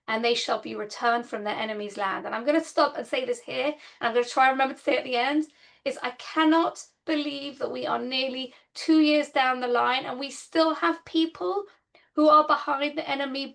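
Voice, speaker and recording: A woman with a high voice gives an online Torah lesson over a video call. A gravelly fry runs through her speech. She reads Hebrew verses, translates them, and explains them patiently and with real feeling. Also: a bit bright. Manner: earnest and heartfelt. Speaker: Torah teacher.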